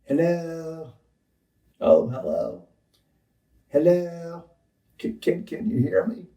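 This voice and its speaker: A man in his sixties speaking quickly and effusively on a recorded phone call. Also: on the high side, sing-song, dark tone, echoey room, distant mic. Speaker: businessman taking a call.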